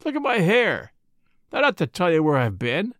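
A bitter, hopeless burglar just out of prison, voiced by a man reading the story. He talks hoarsely and doggedly, with fierce outbursts and a lively, swinging pitch. The sound is close and dry. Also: moderate pace, no room sound, full character voice. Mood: desperate. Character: desperate bitter ex-convict burglar, middle-aged man.

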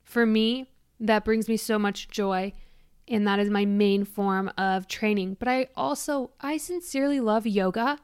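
Her voice is mid-range, darkish, clear and resonant, and she keeps a measured pace. A young Michigan woman in her twenties, she hosts a casual solo podcast, bubbly and gushing with plenty of "like"s, in a clean, echo-free studio recording.

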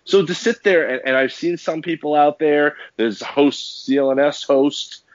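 A man's voice: fairly high pitch, normal speed, no echo. A man co-hosting a sports podcast, ranting angrily in heated casual talk, stumbling over restarts as he vents. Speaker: podcast co-host. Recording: dull dry lo-fi podcast audio.

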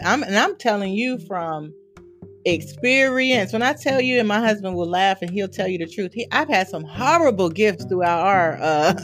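A woman speaking as a therapist on a podcast, telling stories in a lively way and laughing often. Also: mid-range voice. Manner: animated storytelling with frequent laughter. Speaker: therapist guest. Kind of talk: podcast interview.

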